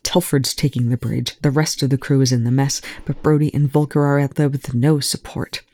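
Reader doing a male commander, wounded and weary, rasping, terse, mellow tone, audiobook. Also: medium pitch, little pitch movement, fairly quick, no room sound, close to an everyday voice. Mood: angry. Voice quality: rasping, growling. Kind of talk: fan fiction audiobook reading.

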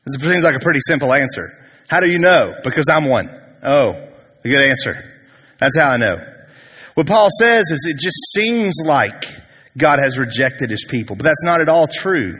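A pastor preaching in a husky voice, his conversational delivery full of animated, humorous storytelling. A long hall reverb trails behind him. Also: medium pitch. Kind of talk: sermon.

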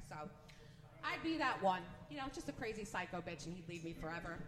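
A woman's voice: fairly low pitch, very animated, fairly quick, a crowd in the background. A woman in her forties doing a stand-up comedy set, chatty, nervous and self-deprecating. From Northeast US. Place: comedy venue with a live audience. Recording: echoey live room.

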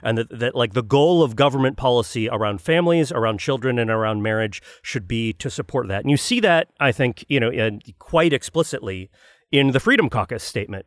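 A man's voice: medium pitch, dry recording. Dry, careful explaining man. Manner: explanatory, qualifies points carefully. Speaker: podcast co-host, magazine editor. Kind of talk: casual roundtable discussion.

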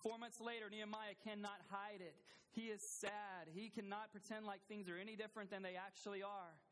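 A man's voice: sits high, little pitch movement, fairly quick, a bit bright, a little hiss or hum. A man preaching a sermon as a pastor in a church, earnestly asking the congregation questions and repeating phrases for emphasis.

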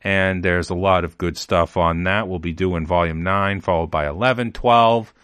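A man's voice: sits low, steady tone, normal speed, a bit bright, smooth, no echo. A man hosting his own podcast, talking casually in a rambling, digressive way. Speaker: podcast host. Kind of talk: casual solo podcast talk.

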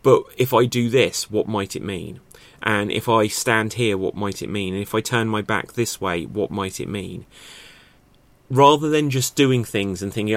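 Man teaching stagecraft, low voice. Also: moderate pace. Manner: thoughtful, rhetorical questions, many fillers. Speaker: acting and improv teacher. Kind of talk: casual spoken lesson to camera.

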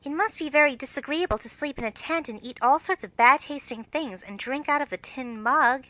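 A woman's voice: high-pitched, brisk, sharp tone, no echo, voice pushed up. A woman voicing a prim youngest girl who speaks in a plaintive, sighing way.

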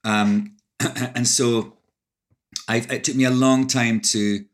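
A man's voice: medium pitch, steady tone, slow pace. A middle-aged Scottish man, an actor, reflecting in a casual interview with many restarts.

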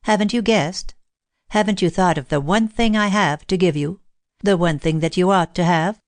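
A woman reading the part of a gentle, loving young woman who speaks softly and tenderly. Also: fairly low pitch, moderate pace, dry recording, lightly acted. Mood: tender, coaxing. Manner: soft, tender.

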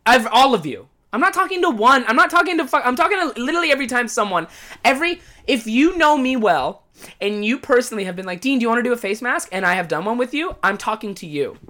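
A man's voice: very high voice, expressive, quick pace, sharp tone. A man hosting a podcast, talking in a casual monologue, with a profane, exasperated, comic ranting manner. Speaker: podcast host.

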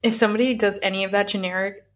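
A woman's voice: medium pitch, fairly even intonation, racing. A young woman in her twenties chatting casually as a co-host, joking and laughing a lot. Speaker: podcast co-host. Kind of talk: casual chat.

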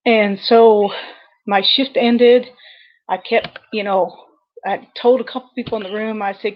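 A woman dispatcher telling a personal story over a video call, earnest and halting with many pauses. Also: medium pitch, steady tone, dull audio. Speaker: 911 dispatcher guest.

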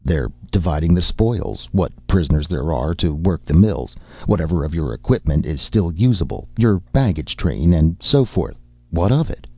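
A man's voice: low-pitched, lively intonation, moderate pace, breathy edge, dry recording, heavily acted. A man voicing a proud young noble soldier who is injured, speaking strained and defiant. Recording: dull lo-fi recording.

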